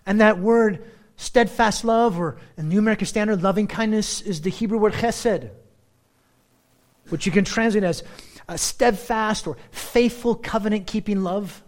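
A man with a high-pitched voice delivers a sermon. He slows right down to lean on key words, then rushes through quick, animated asides. He sounds middle-aged. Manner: animated, shifts between slow emphatic phrasing and quick asides. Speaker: pastor.

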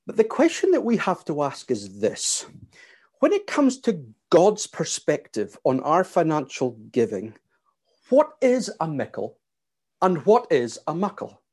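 Man, pastor, sermon, animated pitch, measured and emphatic. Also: breathy edge. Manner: measured, emphatic preaching with repeated phrases.

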